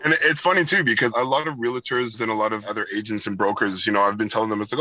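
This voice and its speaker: A man's voice: lowish voice, rapid-fire, hardly any pauses, bright, forceful tone, low-quality recording. A man in real estate talking reflectively on a call, with many "you know" fillers.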